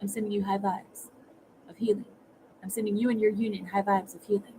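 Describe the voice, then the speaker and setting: A woman giving a casual livestream tarot reading. She talks in a chatty, halting way, repeating words and often checking in with viewers by asking "okay?". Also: medium pitch, level tone, warm tone, slight background noise, low-quality recording. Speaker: tarot reader.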